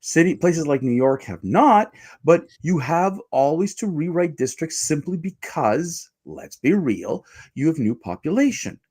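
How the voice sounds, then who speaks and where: Male co-host, somewhat high and very lively voice, emphatic and argumentative. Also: a little slow, few pauses. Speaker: podcast co-host. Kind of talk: political commentary discussion.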